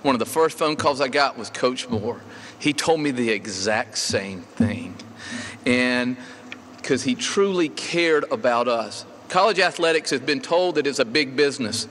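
Golf coach telling stories in a hall. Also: male voice, medium pitch, expressive, unhurried, fairly bright tone, a little hiss or hum. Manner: storytelling, folksy with many fillers and restarts. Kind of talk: memorial tribute speech. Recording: reverberant hall with faint ambience.

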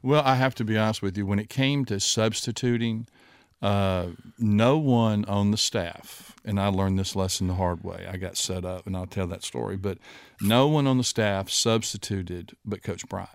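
A man in his sixties, a former football coach and the guest, telling lively stories from the sidelines and acting out the voices in them. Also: lowish voice, normal speed, no room sound, studio quality. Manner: animated anecdote-telling, acting out quoted voices. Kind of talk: casual storytelling.

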